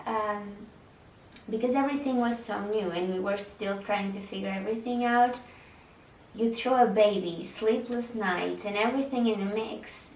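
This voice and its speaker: A woman's voice: medium pitch, moderate pace, a little mellow, reverberant, distant mic, a little hiss or hum, rough recording. A young woman chatting candidly to camera, answering viewer questions about motherhood and marriage. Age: young adult. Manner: candid, chatty, with frequent "like" fillers. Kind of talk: casual Q&A chat.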